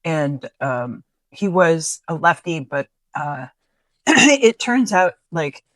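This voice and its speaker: A woman's voice: deep voice, very animated, takes it slowly, a bit bright, no echo. A woman co-hosting a casual commentary podcast, chatty with rambling asides and frequent giggles. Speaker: podcast co-host.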